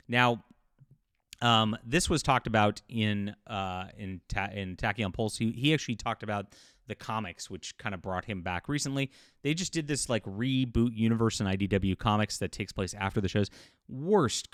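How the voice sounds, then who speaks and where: A man's voice: fairly low pitch, fairly bright tone, smooth, no room sound, studio quality. A man hosting a casual commentary channel, rambling with lots of fillers and restarts. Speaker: YouTube host and sci-fi writer.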